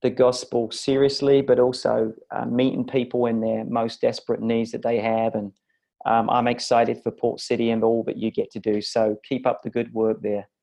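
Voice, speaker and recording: A man's voice: mid-range voice, completely flat delivery, normal speed, vocal fry, mellow. A man from a church's parenting ministry, speaking as an earnest, encouraging interview guest.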